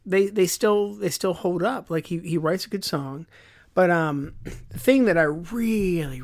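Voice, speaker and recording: A man co-hosting a podcast from a room at home, chatting casually and enthusiastically, rambling and correcting himself as he goes. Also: high voice. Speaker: podcast co-host. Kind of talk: casual chat. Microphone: headphones with mic at home.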